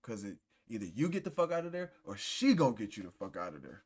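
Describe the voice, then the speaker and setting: A man's voice: lowish voice, very animated, quick pace, darkish tone, husky. Blunt, ranting man reacting to clips. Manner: blunt, ranting, mocking with put-on voices. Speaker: podcast host reacting to clips. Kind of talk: profane reaction commentary.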